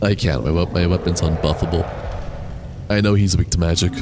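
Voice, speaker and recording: Over clearly audible game music and a noisy background, a man with a low, steady voice speaks fairly quickly. He's gaming on a live stream, casually answering viewers in a relaxed manner, and he has the hiccups.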